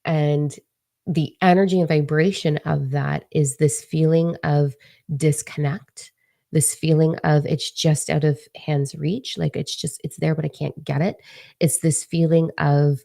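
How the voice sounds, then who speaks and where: Swearing freely and mimicking others' voices, a young spiritual channeler talks casually for her vlog. Her low, level, creaky voice has a warm tone and an unhurried pace, captured at studio quality with no room sound.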